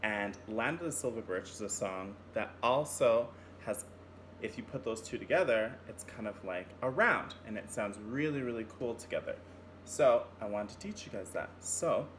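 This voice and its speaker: A man's voice: fairly low pitch, a bit bright, slight background noise. A man teaching a children's music lesson, singing examples and cheering the class on. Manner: encouraging, singing examples and call-and-response.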